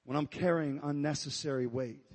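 At a live church service, a pastor with a fairly high, darkish, breathy voice delivers a fervent sermon at a moderate pace and fairly even intonation. Praise team music plays behind him in a big-sounding room as he shouts "come on, amen," at times winded.

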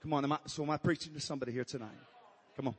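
This pastor's voice is a little high and slightly rough, holding a steady tone as he preaches rapid-fire. During the live service he calls "come on, amen" and sometimes gasps for breath, while praise team music plays and a long reverb tail lingers.

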